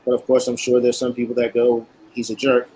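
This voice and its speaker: A man of middle pitch, a cigar-maker guest, tells stories in a lively, animated way. He voices other people's words as he recounts them. A faint background hiss sits under his voice. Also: brisk, rough recording. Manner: animated, acts out quotes. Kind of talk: casual storytelling.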